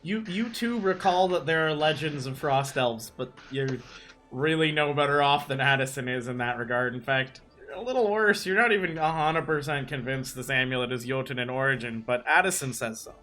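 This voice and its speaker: Bright-voiced man running a tabletop game. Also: mid-range voice, a little fast. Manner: explains at length and asks players for rolls. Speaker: game master. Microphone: computer mic on an online call.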